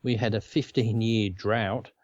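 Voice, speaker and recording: A man's voice: lowish voice, steady tone, measured pace, a little mellow, no room sound, dull audio. A man with an Australian accent co-hosting a casual chat, rambling and chuckling often. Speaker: co-host.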